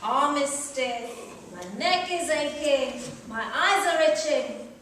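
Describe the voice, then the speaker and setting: A woman's voice: high voice, slow pace. A woman performing a comedy revue monologue, wry and self-mocking. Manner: wry, self-mocking, laughing at her own jokes. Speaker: comic performer. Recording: echoey hall from far off, noisy.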